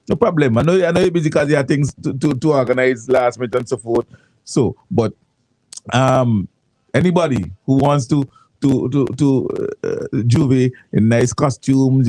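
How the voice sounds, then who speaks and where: A man's voice: medium pitch, mellow, dry recording, low-quality recording. A man hosting casual morning radio, rambling with restarts and local slang. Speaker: radio host. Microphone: studio microphone.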